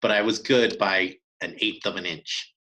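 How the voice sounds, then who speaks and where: A man, co-hosting a podcast, telling a hunting story in an animated way with many restarts. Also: lowish voice, moderate pace, poor audio. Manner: animated, acts out quoted dialogue, many restarts. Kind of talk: casual storytelling chat.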